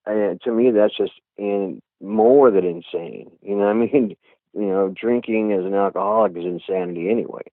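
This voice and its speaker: A man's voice: fairly low pitch, normal speed, dry recording. A middle-aged man, a guest musician, talking candidly in an interview, rambling and leaning on "you know" again and again. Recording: tinny phone line.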